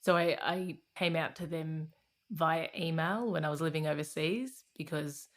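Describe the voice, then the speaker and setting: A woman's voice: low-pitched, moderate pace. A woman in her thirties with an Australian accent, a guest telling candid personal stories in a casual interview, often laughing and restarting her sentences. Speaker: guest, comedian and radio host.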